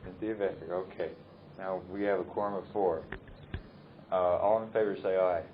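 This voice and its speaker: A man's voice: low-pitched, fairly even intonation, moderate pace, slight background noise. A man playfully questioning people at a gathering, with a teasing, joking manner. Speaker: informal interviewer. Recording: muffled old tape with chatter behind.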